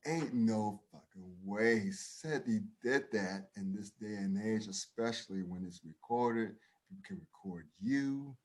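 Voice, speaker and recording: Man, podcast co-host, casual opinion chat, emphatic, swears a lot, restarts sentences, mid-pitched voice. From United States. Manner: profane, emphatic, with many restarts.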